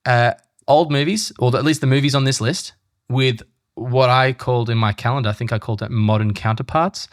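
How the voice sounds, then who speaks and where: A man's voice: mid-range voice, steady tone, brisk, few pauses, dry recording, studio quality. A man hosting a casual film podcast, rambling and cutting himself off with goofy asides. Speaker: podcast host.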